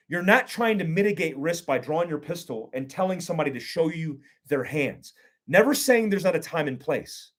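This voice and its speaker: A middle-aged man teaching self-defense, talking bluntly and with profanity, acting out street confrontations and questioning the listener. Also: on the high side. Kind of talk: instructional talk with acted scenarios.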